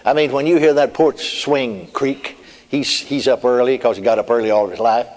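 A man's voice: mid-range voice, fairly even intonation, normal speed, a little mellow. A man preacher telling a testimony in a folksy storytelling manner, chuckling and adding amen. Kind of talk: sermon testimony. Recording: long hall reverb.

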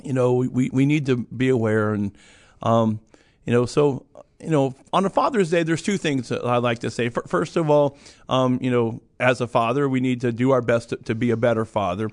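A man's voice: medium pitch, normal speed. A middle-aged man talking casually as a host, rambling with restarts and fillers and chuckling now and then. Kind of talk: casual conversational chat.

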